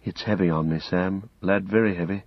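Man doing a tired young guy barely whispering, low husky voice, muffled audio. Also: fairly even intonation, brisk, no room sound. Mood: weary. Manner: weary, quiet, half-whispered. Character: exhausted young male traveller, gentle, burdened. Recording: dull lo-fi audiobook recording.

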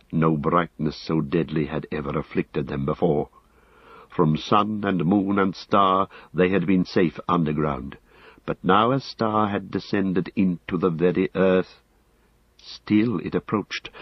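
A man reading a fantasy novel aloud, measured and dramatic. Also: sits low, husky, no room sound. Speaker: audiobook narrator. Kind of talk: scripted fantasy narration. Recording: slightly dull dry recording.

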